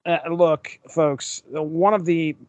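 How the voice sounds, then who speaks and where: A man with a fairly high voice chats animatedly on a comics podcast, joking and turning to the audience as "folks." His voice is recorded close and dry, with no room sound. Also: slow, dry recording. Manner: animated, playful, addresses listeners as "folks". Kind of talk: casual chat.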